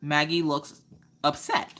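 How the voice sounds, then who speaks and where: A woman, hosting a casual craft livestream chat and telling stories in an animated way. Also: low voice, slow pace. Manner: animated storytelling, acts out quoted voices.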